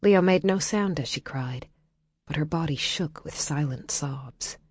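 A woman narrating an audiobook in a quiet, measured storytelling way. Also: sits low, slightly rough, dry recording.

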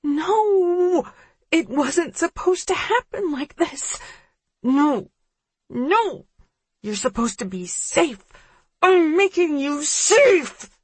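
Lady doing a frantic unhinged killer woman, high shrill cries, dry close sound. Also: wildly swooping pitch, drawn-out words, dry recording, full character voice. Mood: anguished. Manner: desperate, pleading, shrill cries.

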